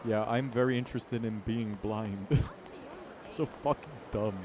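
A man whose first language is Dutch chats casually while streaming a game, with game music playing behind him and a noisy background. His voice is lowish, with fairly even intonation and a slightly slow pace, and he's goofy and self-mocking, sometimes humming to himself.

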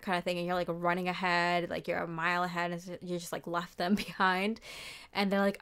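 A woman's voice: on the low side, flat delivery, moderate pace, fairly bright tone, clear, resonant tone. A young woman giving a casual tarot reading, chatty and full of fillers, often acting out what people might say. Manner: chatty, lots of fillers and quoted voices. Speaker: tarot reader.

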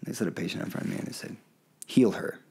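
A man as a podcast guest, telling a personal story in a candid, earnest way and acting out the voices of people he quotes. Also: very fast. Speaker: podcast guest, plant medicine guide. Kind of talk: casual storytelling in an interview.

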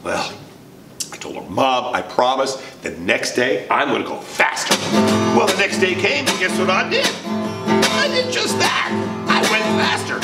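A man's voice: sits high, very animated, unhurried. A man leading a children's music lesson, telling a playful story and calling out to the kids. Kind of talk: sing-along lesson for kids. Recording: roomy, distant mic with guitar.

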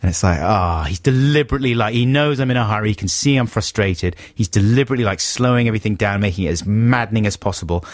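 A man co-hosting a radio show, telling an exasperated anecdote in a casual, animated way with many asides. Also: fairly low pitch, fast, hardly any pauses, dry recording. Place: radio studio. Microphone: studio microphone.

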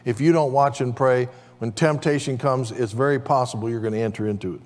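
A man's voice: mid-range voice, brisk. A man preaching as pastor in a church, calling for amens from the congregation. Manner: preaching with call-and-response amens. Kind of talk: sermon. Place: church sanctuary. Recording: long church hall reverb.

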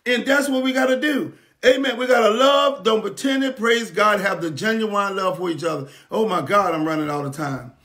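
A man preaching a sermon from the pulpit, calling for response and repeating praise God, sometimes rising to a shout. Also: high-pitched, normal speed. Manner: rises to shouting at times. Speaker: pastor. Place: church pulpit streamed online.

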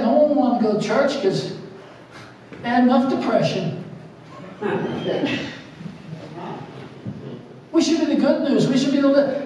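A man's voice: very high voice, darkish tone, recorded from a distance, a little hiss or hum. A middle-aged man preaching a sermon, telling jokey stories and laughing often. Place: church sanctuary. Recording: echoey church hall, preacher off-mic.

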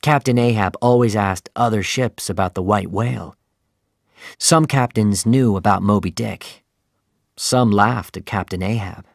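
A man reading a story aloud in slow, clear, deliberate narration for language learners. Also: on the low side, no room sound, studio quality.

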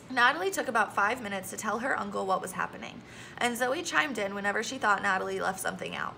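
A woman reading a children's novel aloud, gentle and expressive, lightly voicing the characters. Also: medium pitch, fast talker, creaky, slight background noise. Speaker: audiobook reader. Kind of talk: storybook read-aloud with character voices.

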